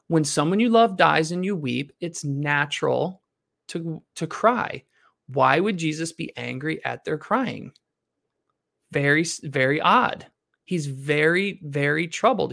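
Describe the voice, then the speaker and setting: A man with a slightly higher voice and a gravelly edge reads a Bible passage and then teaches on it. He reads steadily and explains with rising questions for his class. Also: a bit bright. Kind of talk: scripture reading and teaching.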